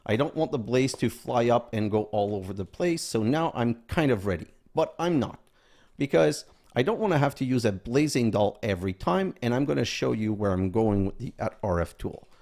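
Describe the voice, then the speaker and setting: A man's voice: mid-range voice, lively intonation, moderate pace, a little mellow. A man hosting a gaming video, casually commenting as he plays and thinking aloud, sometimes counting items under his breath.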